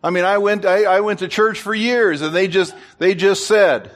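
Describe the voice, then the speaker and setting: A man, a pastor, preaching a sermon in an animated way and joking with his congregation. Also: high voice, moderate pace, few pauses. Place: church.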